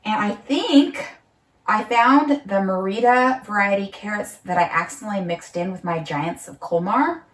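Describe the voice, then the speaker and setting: A woman's voice: mid-range voice, moderate pace. A woman vlogging from her home kitchen, thinking aloud, laughing often and talking while eating. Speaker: market gardener vlogger. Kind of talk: casual home vlog. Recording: roomy sound, mic at a distance.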